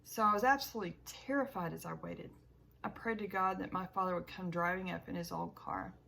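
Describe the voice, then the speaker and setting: A woman narrating an audiobook in the first person, with expressive, emotional storytelling. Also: lowish voice, brisk, vocal fry, slight background noise.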